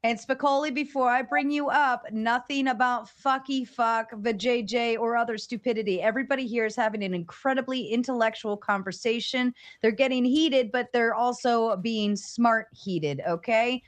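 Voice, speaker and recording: A woman hosts a live online debate and keeps the speakers in line. She is brisk and bossy but friendly, with a fairly high voice. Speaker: host and moderator. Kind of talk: casual live-stream moderating.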